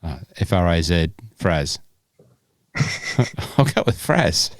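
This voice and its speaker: A man's voice: deep voice, very animated, takes it slowly, dry recording, studio quality. A man co-hosting a casual podcast, joking around and stumbling as he reads questions aloud. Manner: jokey, stumbles and restarts when reading aloud. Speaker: podcast co-host.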